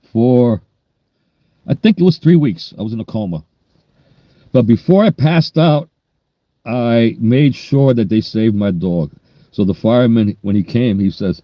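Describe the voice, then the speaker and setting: A man in his sixties with a New York accent hosts a casual livestream, telling stories in a rambling, down-to-earth way. His voice is warm and medium-pitched, with no echo.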